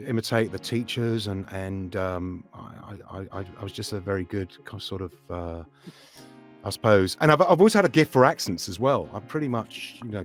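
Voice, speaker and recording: A middle-aged man from England, a voice actor chatting in an interview, full of restarts and sliding into accents as he talks. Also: mid-range voice. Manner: animated storyteller, slips into accents and impressions, hesitant restarts. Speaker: voice actor guest. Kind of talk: casual interview chat.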